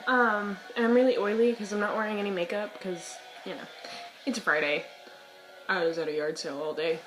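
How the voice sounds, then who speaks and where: A young woman vlogging about books in casual chat, hoarse and losing her voice, rambling with dramatic outbursts and giggles. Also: mid-range voice. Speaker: book vlogger. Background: soft music.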